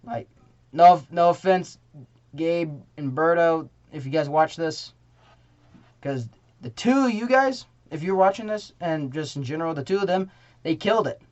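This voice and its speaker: A man's voice: fairly high pitch, normal speed. A young man casually reviewing a student play, rambling and correcting himself as he goes. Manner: rambling, self-correcting, animated. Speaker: theater reviewer. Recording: dull lo-fi sound.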